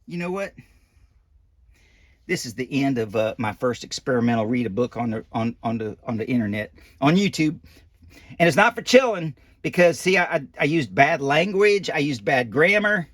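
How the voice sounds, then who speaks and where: A man's voice: mid-range voice, very animated, moderate pace, a bit bright, dry recording. A man reading a picture book aloud, breaking off for folksy, rambling, joking asides. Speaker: storybook reader.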